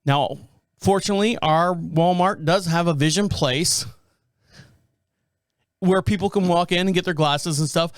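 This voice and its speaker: Man, middle-aged, podcast host, rambling casual storytelling, high clean voice. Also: unhurried, pauses often, no echo. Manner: rambling anecdotal delivery, acts out quoted people.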